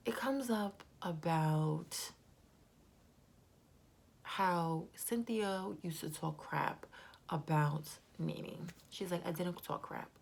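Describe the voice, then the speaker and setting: A woman's voice: on the low side, vocal fry, a little mellow. A woman giving a casual, chatty recap of a reality TV episode, gossipy and prone to whispered asides.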